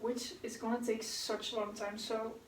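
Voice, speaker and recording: A woman's voice: fairly high pitch, level tone, moderate pace, far from the mic, slight background noise. A young woman chatting casually and rambling while she paints, answering viewer questions with giggles. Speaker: vlogger. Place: room at home. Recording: echoey room, voice off-mic.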